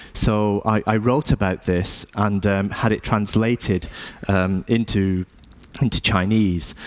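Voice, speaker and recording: Man, artist on stage, slow delivery, thoughtful, self-deprecating, hesitant fillers. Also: lowish voice. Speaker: artist giving a talk. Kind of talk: stage talk.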